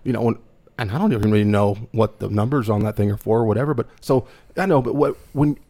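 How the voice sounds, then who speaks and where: A man's voice: fairly low pitch, fast, dark tone. A man hosting a casual podcast, eagerly agreeing with his guest and using casual slang. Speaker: podcast host.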